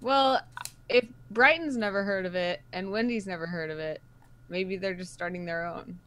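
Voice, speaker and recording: A woman player in a tabletop role-playing game who speaks in a formal, measured way. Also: mid-range voice, fairly bright tone.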